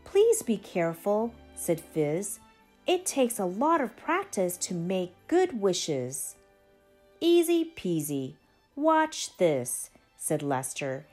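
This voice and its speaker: Slow, lively woman reading a storybook. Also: fairly low pitch. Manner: expressive, slow and lively read-aloud. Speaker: storybook reader. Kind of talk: reading a children's picture book aloud.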